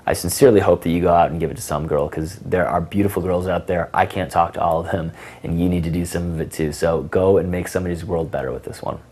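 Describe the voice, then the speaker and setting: A man coaching on dating, talking casually with many fillers and acting out example lines with sudden jumps in pitch. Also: steady tone, fast, darkish tone. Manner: many fillers like um and you know. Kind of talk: casual instructional talk.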